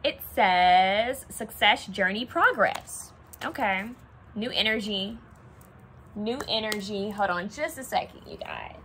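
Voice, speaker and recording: A woman's voice: medium pitch, big pitch swings, slow, bright, forceful tone, a little hiss or hum. A young woman giving a casual pick-a-card tarot reading, chatting and thinking aloud as she pulls cards.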